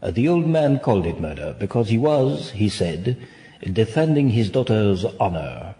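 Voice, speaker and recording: Guy doing a bored ironic nobleman in hell, real low mellow voice, stagey and languid. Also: sing-song, moderate pace. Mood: weary. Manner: languid, sardonic, elegant stage delivery. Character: weary, ironic damned nobleman, male adult. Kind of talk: classic stage play acting.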